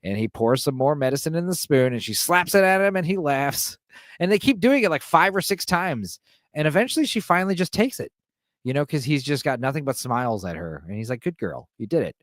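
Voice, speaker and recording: A man's voice: fairly high pitch, very animated, brisk, no room sound, studio quality. Rambling man retelling a film. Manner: loose, rambling, filler-heavy. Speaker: podcast host.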